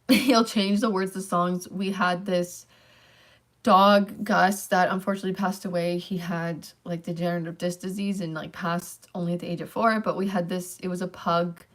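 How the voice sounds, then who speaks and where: A woman's voice: fairly low pitch, steady tone, normal speed. A young woman chatting casually on her own channel, rambling with lots of fillers like "um" and "like". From Canada. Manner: rambling, filler-heavy talk with many likes and ums. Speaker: channel host. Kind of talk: casual livestream chat.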